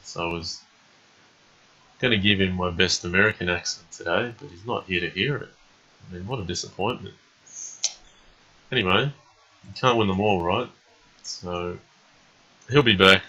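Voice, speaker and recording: Low, husky man, commentating chess. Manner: thinking aloud, calm and measured, frequent ums and uhs. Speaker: chess streamer. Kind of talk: live game commentary. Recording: dull lo-fi stream audio.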